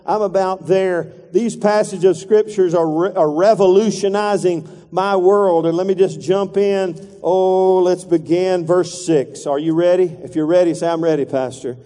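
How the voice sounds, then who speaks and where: A man's voice: high-pitched, steady tone, unhurried, few pauses, dark tone. Guy pastor preaching, gets the crowd to answer back, big echoey church sound. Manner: preaching with call-and-response, acting out voices. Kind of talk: sermon.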